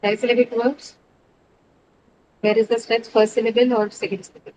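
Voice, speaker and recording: A woman's voice: on the high side, flat delivery, normal speed, noisy background. A woman teaching English stress rules over a video call, explaining patiently, quizzing her students and often checking with "right?". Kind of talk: online class lecture.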